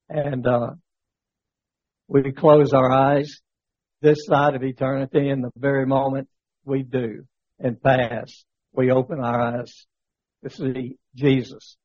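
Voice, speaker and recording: A man's voice: mid-range voice, slightly rough, dry recording, dull audio. A man teaching a church Bible study lesson, talking conversationally with many fillers and rhetorical questions, telling a story. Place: church classroom.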